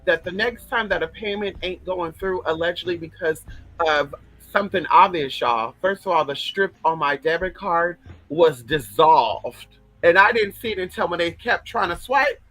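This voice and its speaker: A man's voice: sits high, animated, moderate pace, fairly bright tone, faint music behind, low-quality recording. A man hosting a casual livestream, talking in a sassy, flamboyant way, swearing freely and reading out viewer comments.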